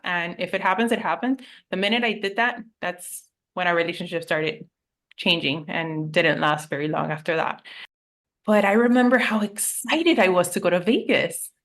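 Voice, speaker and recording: A woman's voice: lowish voice, fairly bright tone. A woman life coach in a casual podcast chat, telling personal stories candidly and with animation, swearing now and then.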